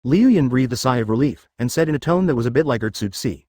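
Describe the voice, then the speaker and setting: A male narrator reading fan fiction aloud with a lively, rising and falling pitch. His delivery is scripted and slightly synthetic. The recording is dry and close, with no room sound. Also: fast, no echo.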